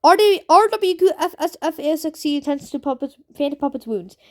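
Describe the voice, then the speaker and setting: Excitable young woman reading game results. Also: sits high, a little fast, no room sound, studio quality. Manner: excitable, incredulous outbursts, casual slang. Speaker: gaming commentator. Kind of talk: reading out a simulator and reacting.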